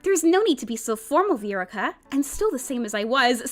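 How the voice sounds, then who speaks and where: Bubbly high-voiced woman streamer. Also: brisk, few pauses, soft background music. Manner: bubbly, giggly, animated line reading. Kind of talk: reading and voicing a visual novel on stream.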